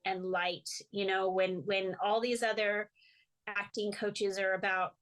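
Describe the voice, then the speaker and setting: A woman's voice: medium pitch, measured pace. An American woman, a guest artist, telling stories in a casual interview, acting out quotes and laughing often. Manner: animated storyteller, acts out quotes, laughs often.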